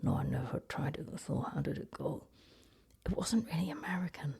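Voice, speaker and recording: A woman's voice: sits low, fairly quick, vocal fry, warm tone, slightly rough, exaggerated voice. Woman voicing a cheeky, crude monkey puppet. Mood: sheepish. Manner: blunt, mocking, crude. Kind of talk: ventriloquist comedy banter.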